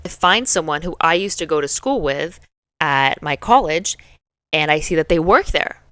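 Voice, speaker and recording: A young adult woman hosting her show, telling a story in a chatty, animated way full of fillers. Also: sits low, normal speed, no room sound, clean studio sound. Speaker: podcast host. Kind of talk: casual storytelling.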